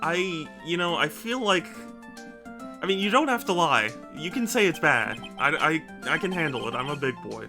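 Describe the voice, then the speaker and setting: A man's voice: on the high side, very animated, normal speed, music in the background. A man chatting casually with his viewers while streaming a game, stammering and joking at his own expense. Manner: self-deprecating, rambling, stammering.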